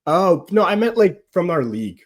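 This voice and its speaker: A man speaking as a guest on a casual football chat, animated and rambling, often saying "like" and laughing. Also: sits high, normal speed, a loud crowd. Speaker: guest pundit.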